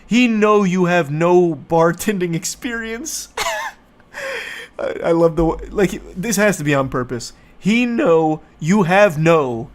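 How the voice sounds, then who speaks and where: A man's voice: high-pitched, lively intonation, measured pace. Dry sarcastic male commentator. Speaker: online commentator. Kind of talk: comedic reaction reading.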